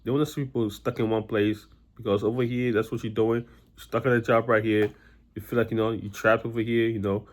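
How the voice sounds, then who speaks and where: Vlogger type: a quick-talking man, rambling, blunt, exasperated. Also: lowish voice, flat delivery. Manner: rambling, repeats himself with many "you know"s. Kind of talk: casual monologue.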